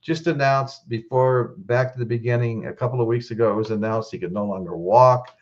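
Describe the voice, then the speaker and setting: A man's voice: mid-range voice, fairly even intonation, fairly quick, muffled recording. A man hosting a casual live stream, choked up, greeting viewers in the chat by name and often restarting his sentences.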